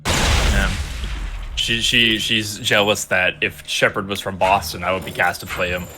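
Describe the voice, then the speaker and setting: A man's voice: low voice, flat delivery, a little slow, sharp tone, slight background noise. A man co-hosting a livestream, chatting casually with playful jokes and stammering restarts. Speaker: stream co-host.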